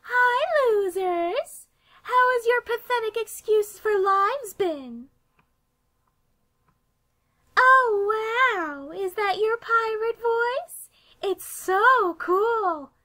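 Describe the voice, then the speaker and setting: A very high, bright voice for a spoiled, sneering cartoon girl. She stretches each taunt out slowly, dripping with contempt. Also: expressive, exaggerated voice. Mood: mocking. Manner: sneering, mocking. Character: bratty, snobbish popular girl. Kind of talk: cartoon voice acting demo.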